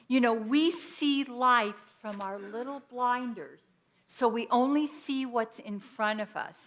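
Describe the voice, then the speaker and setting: A woman giving an inspirational sermon at a Sunday church service, speaking conversationally and telling personal stories. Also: medium pitch. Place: church sanctuary.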